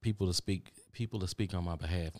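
Texan male podcast host, low and gravelly, preachy and repetitive, dry sound. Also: fast talker, a little mellow, no echo. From Texas. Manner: rambling, repeats phrases, preachy. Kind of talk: motivational monologue. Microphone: studio microphone.

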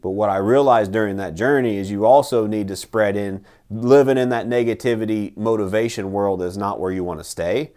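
Guy with a lowish voice hyping people up, blunt, swears, keeps saying "right?". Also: fairly quick, a little mellow. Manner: emphatic, swears, repeats "right?". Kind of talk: motivational casual talk.

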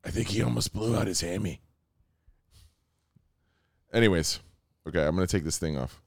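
A man co-hosting a podcast in casual, joking chat, animated and quick to slip into silly voices. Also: low voice, creaky, no room sound, clean studio sound. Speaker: podcast co-host.

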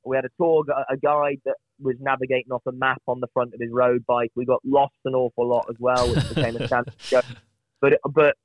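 A man's voice: medium pitch, little pitch movement, quick pace, hardly any pauses, dry recording. A man, a podcast guest, telling chatty, self-deprecating stories with lots of restarts. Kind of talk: casual storytelling on a podcast. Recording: tinny phone-like line, dry.

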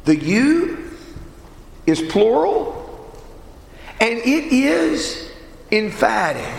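A man preaching in a very slow, deliberate way, his pitch rising and falling a lot as he leans on rhetorical questions. His voice sits very high for a man. The sound rings through a large, echoey hall with a long reverb tail. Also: sing-song, creaky. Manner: measured, emphatic teaching with repeated rhetorical questions. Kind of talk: sermon.

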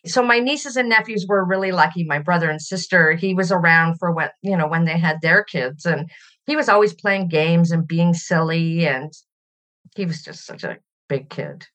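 A woman's voice: lowish voice, normal speed. A middle-aged woman from Canada, a podcast guest speaking reflectively in a conversational interview. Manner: reflective and warm, laughs while telling stories.

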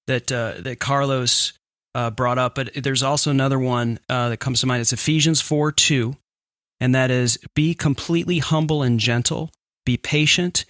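A man co-hosting a faith-based couples podcast, hesitant with fillers in thought and lively when signing off. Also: medium pitch, normal speed, dry recording, clean studio sound. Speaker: podcast co-host.

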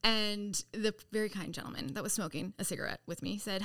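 A woman's voice: mid-range voice, fairly quick. A woman guest on a podcast telling her story in casual, profane speech, acting out quoted lines. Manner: animated, profane, acts out quotes.

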